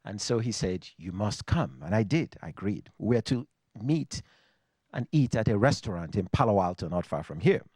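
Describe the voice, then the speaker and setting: Nigerian man telling a lively story. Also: lowish voice, slightly rough, no room sound. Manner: reflective and wry, with dramatic pauses and refrains. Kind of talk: personal story told to a live audience. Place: stage before a live audience.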